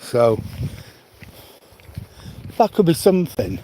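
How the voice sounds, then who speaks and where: Man, 70s, slow easygoing live-stream chatter, outdoor phone mic with steady background noise. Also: on the high side. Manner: unhurried rambling chat, answers viewers' comments. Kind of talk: casual walk-and-talk live stream. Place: outdoors, rural coast.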